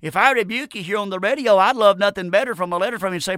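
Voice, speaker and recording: High, bright-voiced fervent male radio preacher. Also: fast, few pauses, no room sound, clean studio sound. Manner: fervent, repetitive, punctuated with amen. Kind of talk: radio sermon.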